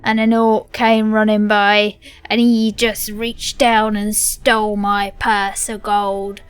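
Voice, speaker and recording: A woman putting on a rough mock-Cockney voice as a wounded, greedy male orc, reading game quest dialogue aloud. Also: medium pitch, little pitch movement, takes it slowly, no echo, natural voice. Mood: bitter.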